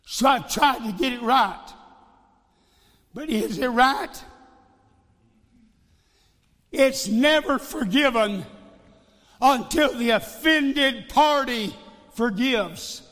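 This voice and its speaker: Man, evangelist, sermon, very high pitch, emphatic, repeats himself, long church hall reverb. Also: very slow, long pauses, a bit bright. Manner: emphatic, repeats phrases, rhetorical questions. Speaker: evangelist preacher.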